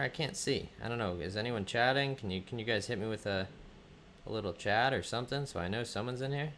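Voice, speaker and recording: A man's voice: lowish voice, brisk, a bit bright, a little hiss or hum. Chatty man hosting a livestream. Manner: chatty, greets viewers by name, thinks aloud with ums. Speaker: livestream host. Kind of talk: casual livestream chat.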